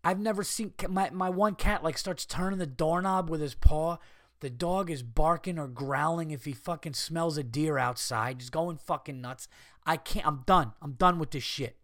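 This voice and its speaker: A fairly high-voiced American man in his thirties rants through a comedic podcast monologue, swearing freely and sounding exasperated. The sound is dry and close, with no room around him. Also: normal speed, vocal fry, fairly bright tone, no room sound. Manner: profane, ranting, exasperated. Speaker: podcast host.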